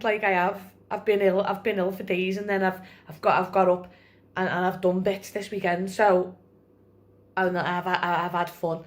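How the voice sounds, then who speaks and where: A woman's voice: lowish voice, flat delivery, a little slow. Tearful rambling young woman. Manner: rambling, tearful, laughing through tears, many fillers. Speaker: vlogger. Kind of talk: emotional personal vlog. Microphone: phone camera.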